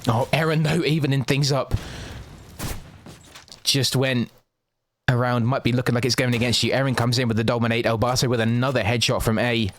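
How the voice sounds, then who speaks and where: A man giving quick, excitable live play-by-play as a game shoutcaster, with casual asides to his viewers. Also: medium pitch, slight background noise. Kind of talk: live esports commentary.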